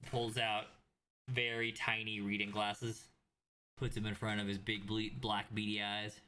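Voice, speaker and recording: Young male game master, low but bright voice, loose rambling narration full of fillers. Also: flat delivery, a little slow, slight background noise.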